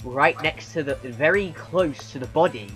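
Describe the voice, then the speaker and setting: A man playing a tabletop game in character as a lawyer, with a smug, measured courtroom delivery. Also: on the high side, animated, fairly bright tone, faint music behind. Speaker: player.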